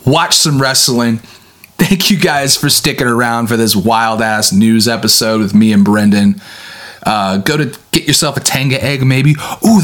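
A man hosting a podcast, chatting casually and reading odd news aloud with animated delivery. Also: medium pitch. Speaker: podcast host. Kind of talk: casual chat.

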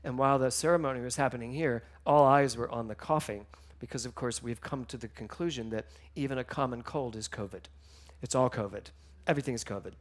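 A man giving a sermon, telling stories with emotion, moving between hushed and loud passages. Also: medium pitch, brisk, hardly any pauses. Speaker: minister.

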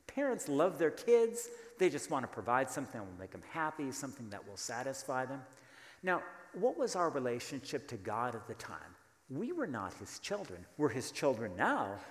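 A man's voice: mid-range voice, sing-song, moderate pace, fairly bright tone, echoey room, in a large hall. A man preaching a sermon as pastor, emphatic and full of rhetorical questions, calling on the congregation to answer.

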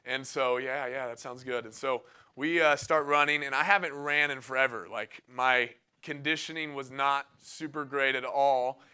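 Young male preacher, casual and excitable, clear bright voice, laughs a lot mid-story. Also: mid-range voice, moderate pace, few pauses. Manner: casual and enthusiastic, laughing often between phrases. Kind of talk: sermon with personal storytelling.

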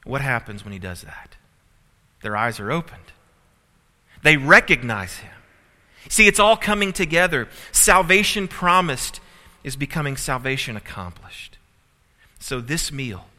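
A man with a sharp-toned, mid-range voice preaches as pastor in an echoing hall. He recounts a family story humorously, working up to greater emphasis as he goes.

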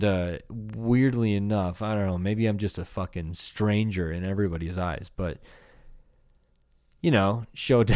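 A man's voice: sits low, darkish tone. A young man from Iowa, a comedian hosting a podcast alone, rambling through a profane comedic rant with laughing asides. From Iowa, USA.

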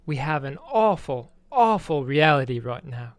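Man doing an English accent, earnest male chef giving a speech, measured, fairly high voice, dry sound. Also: very animated, no echo. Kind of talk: quoting a speech in a put-on accent.

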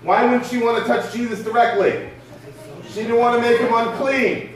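A man with a high voice preaches a sermon in a loose, conversational way and keeps asking his listeners questions. He is picked up from far off in a strongly echoing church hall. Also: fairly even intonation, moderate pace. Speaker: pastor.

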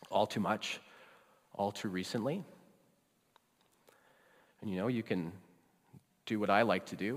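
A man preaching a sermon as pastor, conversational, often trailing off soft and low at the ends of phrases. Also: in a large hall.

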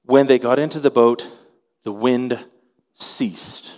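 A man preaching a sermon, animated, acting out the voices of the people in his story. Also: medium pitch, moderate pace, long reverb tail. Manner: animated, acts out voices in quotes. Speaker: pastor.

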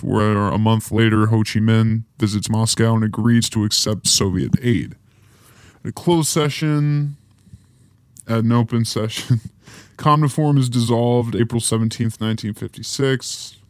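A man's voice: mid-range voice, moderate pace, clear, resonant tone, no room sound. A man hosting a podcast, reading through a history timeline and breaking off with offhand, joking asides. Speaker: podcast host. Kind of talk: casual podcast history rundown.

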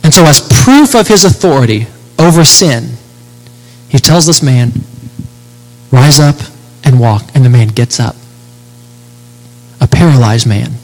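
A man preaching a sermon, expounding scripture with rhetorical questions and slowing down to stress key words. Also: medium pitch, very animated. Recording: long hall reverb.

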